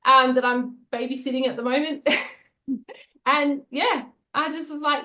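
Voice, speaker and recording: A woman's voice: high voice, normal speed, sharp tone, low-quality recording. Candid Australian woman chatting. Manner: candid, personal, laughs easily. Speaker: co-host interviewer. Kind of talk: casual conversation.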